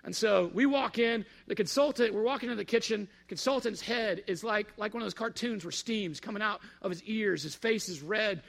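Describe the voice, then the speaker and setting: A man telling a personal story in a casual, animated way and acting out the dialogue. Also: sits high, a little fast, creaky, few pauses. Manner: animated, acts out quoted dialogue.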